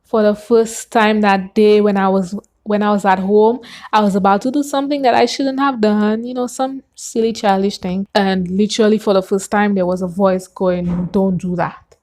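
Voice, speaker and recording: A woman telling her personal faith testimony in an earnest, animated way, gasping and acting out what she said back then. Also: mid-range voice, normal speed. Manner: earnest and animated, with gasps and acted-out quotes.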